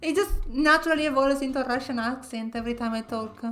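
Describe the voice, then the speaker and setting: A woman's voice: sits high, quick pace, few pauses, fairly bright tone, faint music behind. A woman streamer giving casual, giggly commentary while playing a game. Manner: giggly, chatty.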